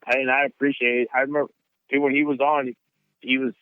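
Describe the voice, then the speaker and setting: Male podcast host, enthusiastic and profane, mid pitch, narrow dry audio. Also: level tone, quick pace, smooth, dry recording. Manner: enthusiastic, heavy swearing. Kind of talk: casual chat.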